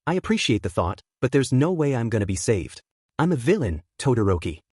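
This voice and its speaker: A man's voice: medium pitch, sing-song, fairly quick, a little mellow, breathy edge, no echo, clean studio sound. Man voicing an anxious, hurting teenage boy villain.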